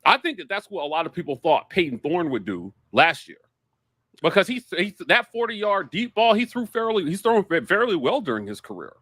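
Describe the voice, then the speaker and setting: A man co-hosting a sports podcast, animated and excitable, jumping in often on a close mic. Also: high voice, a little fast, no echo. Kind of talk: casual sports talk.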